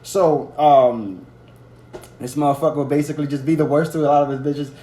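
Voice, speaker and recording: A man's voice: a little high, steady tone, brisk, mellow. A young man in his twenties hosting a casual podcast, telling a loose, profane story and acting out the quotes. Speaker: podcast host. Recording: roomy echo, faint background noise.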